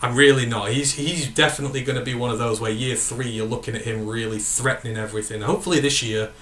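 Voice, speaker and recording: A man with a northern English accent chats casually on a sports stream, answering viewers' questions and correcting himself as he goes. His voice sits mid-pitch and sounds bright and forward. He rambles a little but keeps talking. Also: fairly even intonation, fast, a little hiss or hum. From northern England. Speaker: podcast host. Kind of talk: casual sports chat reading live comments.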